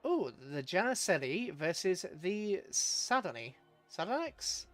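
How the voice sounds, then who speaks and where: A man streaming a strategy game, talking in a fairly high, very lively voice. He chuckles and answers his chat in a loose, casual way. Faint music plays beneath him. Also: unhurried. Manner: chatty, chuckling, talks to chat. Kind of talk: live gameplay commentary.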